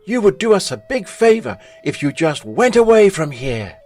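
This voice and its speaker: Guy squeaking as nasty baby ducklings yelling, super high and loud, kids story. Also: very animated, moderate pace, faint music behind. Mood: jeering. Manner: mocking, yelling. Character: small mean jeering yellow ducklings.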